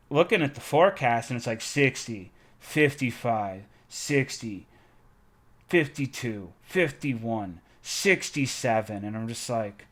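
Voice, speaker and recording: A male streamer in a casual storytelling rant. He is heated and swears freely as he talks, animated and worked up, in an ordinary mid-range voice. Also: medium pitch.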